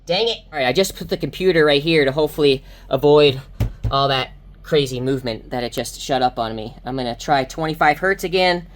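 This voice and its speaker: Excitable woman doing car audio tests. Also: sits low, a little fast, a little hiss or hum. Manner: excitable, exclaiming, talking to viewers. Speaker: car audio enthusiast testing subwoofers. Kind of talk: excited vlog commentary. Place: inside a car.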